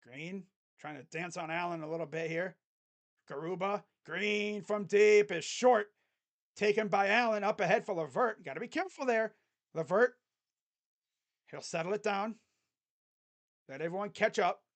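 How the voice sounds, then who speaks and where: A fan streamer calling a basketball game live, play-by-play style, mixing excited calls with sarcastic jokes and quiet mutters. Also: medium pitch, normal speed, long pauses. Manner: joking, sarcastic asides. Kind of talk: casual live play-by-play reaction.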